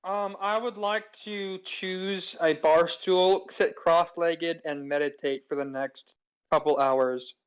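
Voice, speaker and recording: A man playing a tabletop game, speaking in a calm, measured and formal way as his character. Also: a little high, clean tone, rough recording. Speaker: player. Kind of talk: in-character tabletop role-play.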